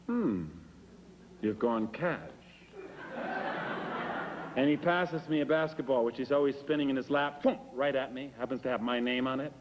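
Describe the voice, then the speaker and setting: A man's voice: medium pitch, steady tone, quick pace, few pauses, big-room sound, highs cut off, a little hiss or hum. A man performing a wry, self-deprecating storytelling monologue and acting out the dialogue himself.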